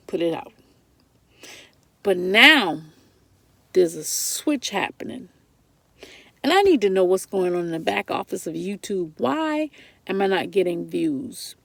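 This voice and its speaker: A woman talks through a spiritual tarot reading at an unhurried pace, laughing easily and breaking into prayer. Her voice is husky with a gravelly edge, and she sits some distance from the microphone. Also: mid-range voice, no echo. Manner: chatty, laughs often, prays aloud.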